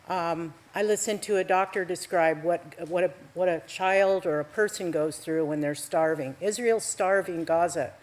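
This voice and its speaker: Woman speaking at a council meeting, lowish voice, earnest, a bit halting. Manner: earnest, measured, hesitant restarts. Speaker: public commenter. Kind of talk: public comment at a council meeting. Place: council chamber.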